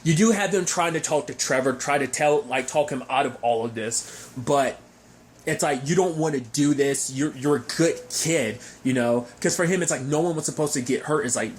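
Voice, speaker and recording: A man casually recapping a TV episode, rambling and animated, with frequent fillers and restarts. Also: fairly high pitch, moderate pace, slight background noise. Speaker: TV show recapper.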